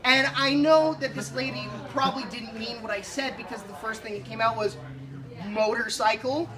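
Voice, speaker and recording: A man doing stand-up comedy, telling an animated story, swearing and acting out the scene. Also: very high-pitched, recorded from a distance.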